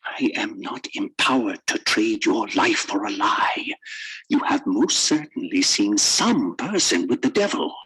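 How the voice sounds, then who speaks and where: A man's voice: on the low side, lively intonation, unhurried, a bit bright, slightly rough, heavily acted, rough recording. A man playing a stern commanding magistrate. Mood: insistent. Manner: commanding, insistent. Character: stern male magistrate pressing a confession. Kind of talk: radio play acting. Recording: archival radio play recording.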